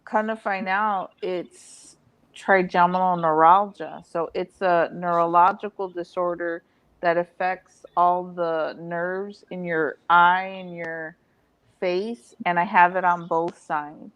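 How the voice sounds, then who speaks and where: A woman's voice: lowish voice, fairly even intonation, slow pace, smooth, dry recording, lo-fi sound. A woman in casual chat among friends, speaking candidly and matter-of-factly. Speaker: channel host.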